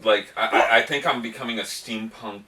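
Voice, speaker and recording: A man's voice: on the low side, a crowd in the background. A man co-hosting a casual talk show, tossing in jokey asides. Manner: jokey, quick laughing interjections. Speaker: co-host. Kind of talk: casual chat. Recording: distant from the mic.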